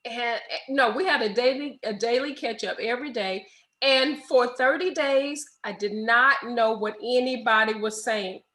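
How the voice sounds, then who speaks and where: Chatty woman, high voice. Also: normal speed, poor audio. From United States. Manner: animated storyteller, laughs often. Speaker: guest. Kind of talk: casual interview chat.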